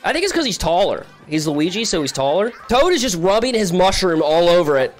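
A young man giving casual, excitable commentary while playing a multiplayer game with friends, yelping and laughing at his mistakes. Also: a little fast, few pauses, music in the background. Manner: excitable, yelps high when frustrated, laughs often. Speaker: gaming YouTuber.

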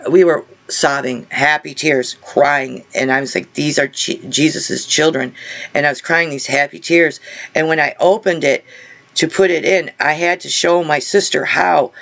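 A man telling of a religious vision in a casual spoken testimony, halting and earnest, often repeating and restarting his words. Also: fairly high pitch, gravelly, fairly bright tone. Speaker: vlogger sharing a religious vision.

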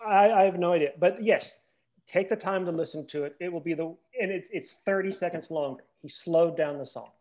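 A man co-hosting a casual podcast, his voice pitched a bit high. He rants with animated indignation and trips over his own restarts. The sound is slightly dull and lo-fi. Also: a little fast. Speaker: podcast co-host. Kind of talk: casual chat.

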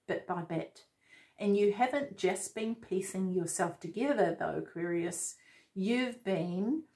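A woman's voice: mid-range voice, mellow. Enthusiastic woman giving a tarot reading. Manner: enthusiastic, effusive, addresses viewer directly. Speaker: tarot reader. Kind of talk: casual spoken tarot reading.

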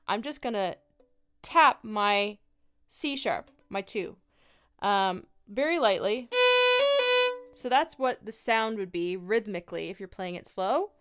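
A woman with a Newfoundland accent teaching a fiddle tune step by step, patient and encouraging, with loud fiddle playing in between. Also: mid-range voice. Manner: encouraging, patient, explains slowly. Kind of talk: friendly step-by-step music tutorial.

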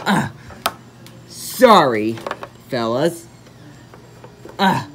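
A woman acts out a homemade plush toy adventure, giving every character its own voice. Her pitch swings wildly from squeaky highs to gruff lows, her pace is very slow, and her tone is bright. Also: huge pitch swings, a little hiss or hum. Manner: jumps between many character voices, high and low. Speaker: plush toy video maker.

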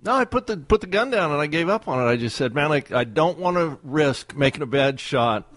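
Profane, high-voiced storytelling man. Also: a little fast. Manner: profane, animated storyteller who laughs often. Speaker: radio co-host. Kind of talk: casual chat.

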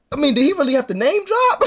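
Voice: high-pitched, fairly bright tone. A reaction video host commenting casually, laughing often and repeating phrases in slangy talk.

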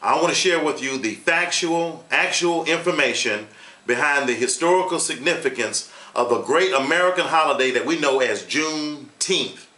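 A man's voice: fairly high pitch, normal speed, pushed and bright, roomy sound. A man hosting his own online channel, telling a history story in a casual, emphatic way and repeating points for effect. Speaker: YouTube host.

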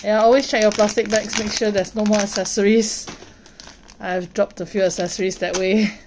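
A woman hosting a toy unboxing, gently narrating and reacting with delight to each figure as she unwraps it. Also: medium pitch, little pitch movement, moderate pace, noisy background. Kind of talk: unboxing narration, soft ASMR-like. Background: plastic crinkling and clicks from handling toys.

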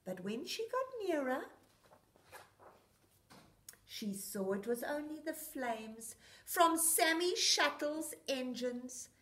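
A woman reading a picture book aloud to young children on a children's show, expressive and sing-song. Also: sits high, slow, long pauses.

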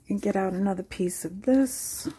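A woman hosting a casual crafting tutorial, musing aloud at an unhurried pace as she works and sometimes dropping into soft whispers. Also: mid-range voice, breathy edge. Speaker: crafting channel host. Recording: faint background noise.

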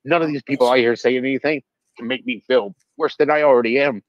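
A man's voice: mid-range voice, fast, vocal fry, no echo, highs cut off. A man answering interview questions as a father, speaking earnestly and defensively, with emphatic statements.

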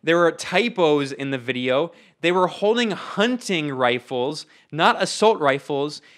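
A man's voice: a little high, lively intonation, measured pace, fairly bright tone. Emphatic, sardonic young man giving a talk. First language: English. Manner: emphatic and sardonic, with frequent restarts. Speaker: invited speaker. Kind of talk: political talk.

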